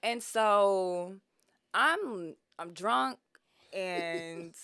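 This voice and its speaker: Brief: woman, podcast guest, smooth clear voice, dry close mic, animated storyteller. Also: medium pitch, extremely slow, no room sound. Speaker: podcast guest, mushroom grower. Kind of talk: casual storytelling chat.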